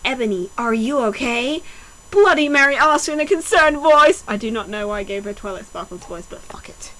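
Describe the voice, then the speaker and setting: A woman's voice: high voice, brisk, bright, forceful tone, rough recording. A woman reading a bad story aloud for comedy, sliding between mock-dramatic reading and snarky, sarcastic asides. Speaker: fanfiction reader. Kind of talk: comedic mocking read-aloud.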